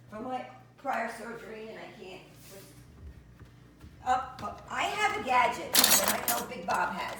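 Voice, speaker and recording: A woman's voice: fairly high pitch, noisy background. Chatty woman cooking in an echoey kitchen. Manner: chatty, talks herself through each step, hums to herself. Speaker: cooking show host. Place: home kitchen. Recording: echoey kitchen with frying sounds.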